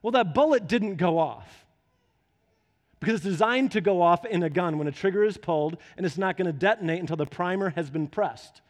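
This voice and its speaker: A pastor with a brisk, high-sitting voice preaches a sermon, telling a homely story before urging his listeners on with fervent exhortation. The recording has long hall reverb.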